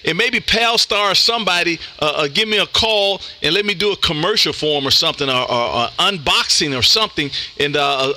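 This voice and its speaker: Man, radio operator, high voice, very bright tone, casual and upbeat. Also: slight background noise. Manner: upbeat and chatty, often says "man". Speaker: ham radio operator and live-stream host. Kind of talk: casual on-air radio chat.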